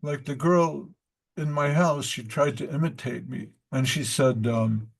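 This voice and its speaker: A man's voice: mid-range voice, steady tone, unhurried, creaky. A man teaching a devotional study class, telling stories in a rambling way with many fillers and asides. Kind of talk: unhurried spiritual class talk with stories.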